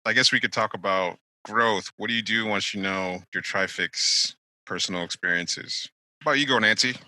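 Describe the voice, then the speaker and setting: A man hosting a talk podcast who explains things and steers the conversation. His voice is very deep but cuts through with a bright, forceful tone. It sounds dry and close. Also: normal speed, dry recording, low-quality recording. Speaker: podcast host. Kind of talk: casual chat.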